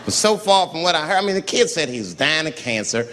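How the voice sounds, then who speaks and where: Male stand-up, lively swooping delivery, raised pitch, live room with crowd laughs. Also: fast talker. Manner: profane, animated storytelling. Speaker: stand-up comedian. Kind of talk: stand-up comedy. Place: comedy venue on stage. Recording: live club recording, reverb, audience laughter.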